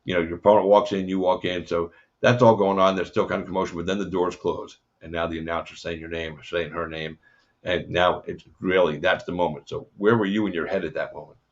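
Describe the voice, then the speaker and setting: A low-voiced man hosts a casual interview, talking in long rambling runs full of fillers and swearing. The audio is dull and lo-fi. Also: steady tone, a little fast. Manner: rambling, profane, many fillers. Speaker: podcast host.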